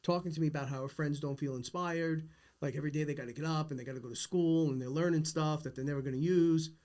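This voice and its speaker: A man's voice: a little high, fairly even intonation, quick pace, darkish tone. A middle-aged man hosting a podcast, talking earnestly and emphatically in a philosophical, casual conversation. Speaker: podcast host.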